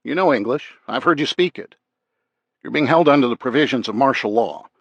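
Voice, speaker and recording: A man's voice: mid-range voice, animated, a little fast, slightly rough, no echo, lo-fi sound, voice pushed up. A man voicing a firm, controlled male army major in an audiobook.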